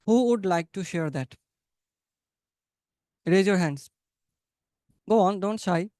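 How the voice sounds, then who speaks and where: A man hosting a webinar in a smooth, clear voice pitched a little high. He sums up points warmly and calls on participants to speak. The sound is close and dry. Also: takes it slowly, no echo. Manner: encouraging, invites speakers by name. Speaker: webinar host. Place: online webinar.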